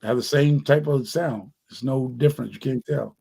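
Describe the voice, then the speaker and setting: A man's voice: medium pitch, moderate pace, vocal fry, dark tone, husky. Laid-back New man chatting. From New York City. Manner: rambling, laid-back, slangy. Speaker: podcast host. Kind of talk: casual chat.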